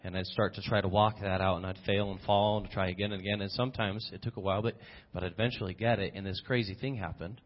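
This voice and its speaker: A man's voice: on the low side, fairly even intonation, fast talker. A man preaching an earnest, personal sermon as a visiting missionary, often restarting his sentences. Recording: dull lo-fi sermon recording.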